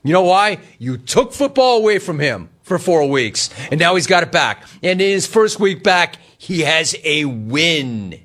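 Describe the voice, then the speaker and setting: Man, sports talk radio host, teasing, mocking, fairly high voice, reads chat aloud. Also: big pitch swings, a little slow, few pauses, a bit bright. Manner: mocking, teasing, laughing at callers.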